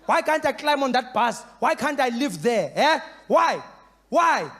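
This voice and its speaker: A man voicing an angry male protester who shouts demands for equal rights. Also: big pitch swings, a little slow, heavily acted. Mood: indignant. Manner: shouting, high and strained, rising to a yell.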